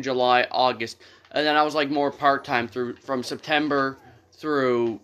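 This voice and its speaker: A man's voice: mid-range voice, a bit bright. A young man in his late teens chatting casually with friends during a game, rambling with lots of fillers and swearing. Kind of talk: casual voice chat while gaming.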